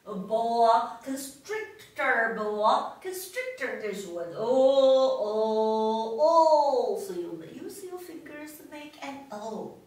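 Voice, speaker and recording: A woman reading a picture book to young children, teaching animal names with slow repetition for them to echo. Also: a little high. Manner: slow, lively, repeats words for children to echo. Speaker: storytime teacher. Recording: echoey, distant, noisy room.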